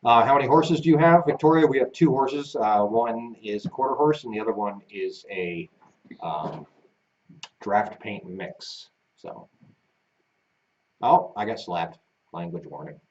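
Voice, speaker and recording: A man's voice: lowish voice, a little slow, darkish tone. A man co-hosting a casual live stream from a home studio, teasing and self-deprecating as he chats. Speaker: co-host of a ranch live stream. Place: seated on a small love seat in a home studio. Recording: dull, distant mic.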